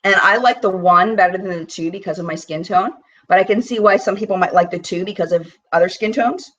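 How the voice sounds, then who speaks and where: A woman's voice: fairly low pitch, fairly quick, recorded from a distance, lo-fi sound. Chatty woman reviewing makeup live. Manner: animated and chatty, with bursts of mock disbelief. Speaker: beauty vlogger hosting a live chat. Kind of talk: casual live-stream chat with product swatching.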